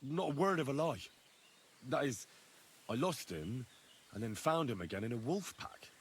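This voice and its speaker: A man's voice: medium pitch, expressive, normal speed, slight background noise, natural voice. Henry, a man voicing an earnest young knight. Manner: earnest, polite, curious. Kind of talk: game character dialogue.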